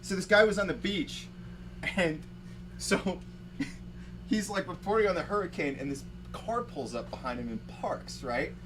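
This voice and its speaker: Lively high-voiced storytelling man. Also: measured pace, noisy background. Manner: rambling storyteller, lots of "like" and laughter. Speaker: podcast host. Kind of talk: casual chat.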